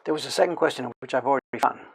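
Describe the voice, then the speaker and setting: A man's voice: mid-range voice, racing, vocal fry, breathy edge. A middle-aged man from Canada chatting casually on a livestream as a woodblock printmaker, rambling and self-correcting as he tells stories. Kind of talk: casual chat while working.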